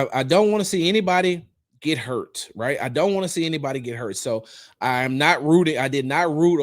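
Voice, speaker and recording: A man hosting a casual sports talk stream, riffing on games in an animated way and repeating his points for emphasis. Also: on the high side. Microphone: streaming setup, close mic.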